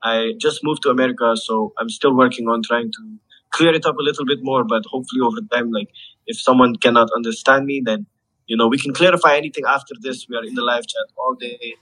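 Husky hyped-up man with an accent. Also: mid-range voice, fairly even intonation, fast talker, sharp tone, rough recording. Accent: non-native accent of English. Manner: pumped-up, repetitive slogans, swearing, chuckling. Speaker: crypto project developer. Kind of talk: hype livestream pitch to token holders.

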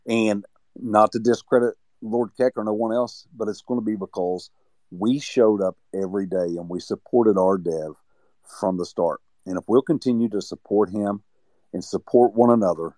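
Man with a lowish voice for a pep talk, rallying and earnest, dry close recording. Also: fairly even intonation, moderate pace, mellow, dry recording. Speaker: community member. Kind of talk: motivational speech.

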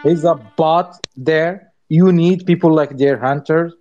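A man's voice: on the high side, unhurried, over music. A man talking loosely in casual chat, praising others in the community. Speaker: community member. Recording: dull, muffled line.

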